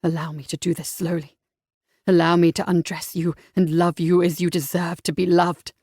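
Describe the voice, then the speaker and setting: A deep-set, husky young Regency lord, tender and ardent, spoken close and dry, as a woman narrator puts him on. His voice sits well below a woman's usual range. It is an audiobook romance character. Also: little pitch movement, moderate pace, warm tone, dry recording. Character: ardent young male Regency gentleman lover.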